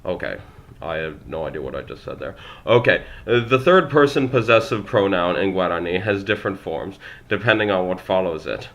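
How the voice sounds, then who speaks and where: A man's voice: low voice, lively intonation, a little fast, fairly bright tone. A young man working through a language textbook aloud, sounding out phrases, stumbling over pronunciation and adding self-deprecating asides. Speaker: language learner vlogger.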